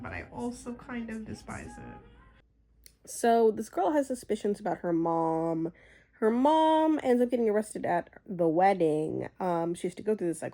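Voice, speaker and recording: A young woman vlogger casually reacting to a TV show, animated, exclaiming and laughing often. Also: medium pitch, rough recording.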